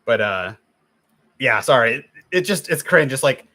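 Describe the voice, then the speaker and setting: A man's voice: medium pitch, very animated, moderate pace, bright, forceful tone. A man hosting a livestream, chatting casually while he draws and rambling with many restarts. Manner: complains, then gives step-by-step drawing tips. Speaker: livestream host. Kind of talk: casual chat while drawing.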